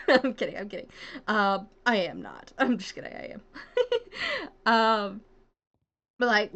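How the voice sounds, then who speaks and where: Bright, chatty Southern woman streamer. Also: mid-range voice. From southern United States. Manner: rambling, swearing often, laughing at herself. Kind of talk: casual gaming stream chat.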